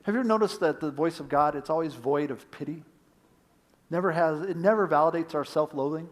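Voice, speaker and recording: A male pastor delivering a sermon with a somewhat high voice. He is earnest and pleading, pushing hard on key points before dropping to a hush. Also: brisk. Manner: earnest, swings from emphatic to hushed.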